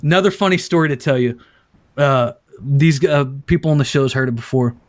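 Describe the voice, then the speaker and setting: A male podcast host in casual chat, swearing freely and telling a lively story. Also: mid-range voice, brisk, dry recording, studio quality. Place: at a desk, showing pictures to a guest.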